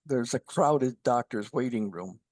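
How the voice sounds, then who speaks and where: A man speaking as a guest commentator on a podcast, halting and full of fillers, telling dry jokes. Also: medium pitch, expressive, a little mellow, no room sound. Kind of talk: casual podcast chat.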